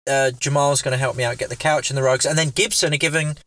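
A man's voice: mid-range voice, fairly even intonation, fast talker, fairly bright tone, no room sound. A man co-hosting a casual podcast chat, laid-back and teasing, swearing and calling his friend dude. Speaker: podcast co-host.

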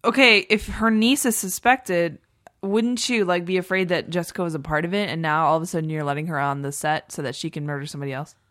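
A woman's voice: fairly low pitch, steady tone, fast talker, a bit bright, dry recording, clean studio sound. A woman co-hosting a podcast, chatting in a rambling way and breaking off her own sentences. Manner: chatty, rambling, self-interrupting. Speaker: podcast co-host. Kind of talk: casual chat.

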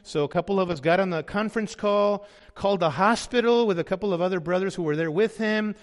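A man's voice: sits high, quick pace. A male pastor preaching a sermon, emphatic and often asking his audience questions. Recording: long hall reverb.

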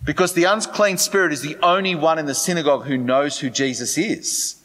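A man's voice: on the high side, a little fast, a bit bright, in a large hall. A man preaching a sermon in a conversational way, often asking the congregation questions. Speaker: pastor.

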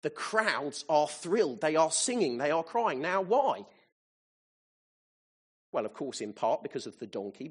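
A man preaching a sermon to his congregation, animated, with his voice rising to excited peaks. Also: fairly high pitch, breathy edge.

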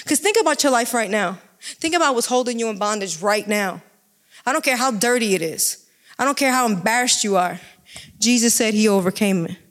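A woman giving an informal sermon with a personal testimony, talking in an excitable, emphatic, chatty way. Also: on the high side, fairly quick. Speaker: devotional speaker.

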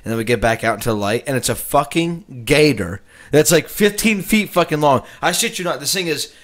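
A man's voice: fairly high pitch, a little fast. A man from Florida co-hosting a casual podcast, telling a rowdy story full of swearing and constant "right?" check-ins. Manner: excitable, swears constantly, keeps saying "right?". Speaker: podcast co-host.

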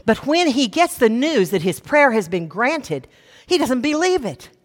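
A woman preaching a sermon, teaching with expressive retellings and asides. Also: a little high, a little slow. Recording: long reverb of a large hall.

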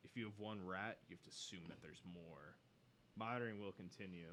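A man's voice: sits low, brisk, a bit bright, slight background noise. A man co-hosting a casual podcast, reading a news story aloud with profane, sardonic asides. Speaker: podcast co-host.

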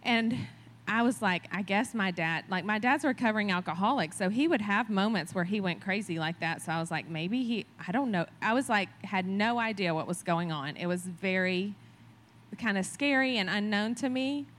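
A woman speaks to a church in a relaxed, conversational sermon style. Her pitch sits in a mid range. She talks chattily and keeps checking in with her listeners as she goes. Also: moderate pace. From rural farm community. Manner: chatty, conversational, asks the crowd "right?". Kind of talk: casual sermon storytelling.

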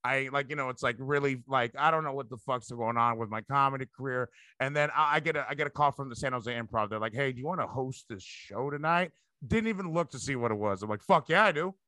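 A man, a stand-up comedian, chatting casually on a podcast, rambling and profane as he tells animated stories. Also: medium pitch, fast talker, hardly any pauses, smooth, no room sound.

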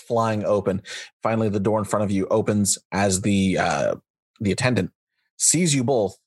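A man with a fairly low voice runs a tabletop game as game master, narrating the scene and calling for dice checks. His delivery is brisk and matter-of-fact, with a few fillers. The sound is close and dry. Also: no room sound.

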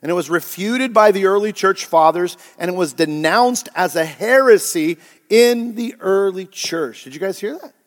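A man's voice: high voice, animated, moderate pace, long reverb tail. A male pastor preaching a sermon, emphatic and often asking the congregation rhetorical questions.

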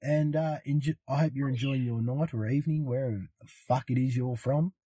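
Husky Australian man telling a story. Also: medium pitch, fairly even intonation, a little fast, warm tone, no room sound. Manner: profane, rambling, laid-back. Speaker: podcast guest. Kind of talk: casual storytelling.

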